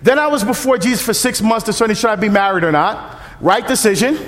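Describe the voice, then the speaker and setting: A man's voice: high voice, fast talker. A man in his fifties, a deacon, giving a humorous, story-driven parish mission talk in a church. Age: 50s. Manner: lively storytelling, humorous, acts out dialogue. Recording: long church reverb.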